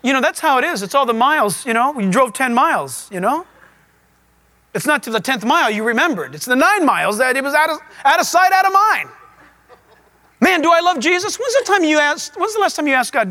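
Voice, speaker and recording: A male pastor preaches in a relaxed, conversational way. His pitch swings up and down freely as he tells stories and asks questions of his listeners. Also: normal speed, pauses often. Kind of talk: conversational sermon.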